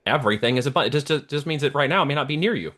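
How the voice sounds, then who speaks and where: A man's voice: a little high, animated, racing, fairly bright tone. A middle-aged man talking as an interview guest, giving a motivational talk and often checking in with "okay?" and "right?". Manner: preachy, checks in with listener often. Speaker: guest, entrepreneur.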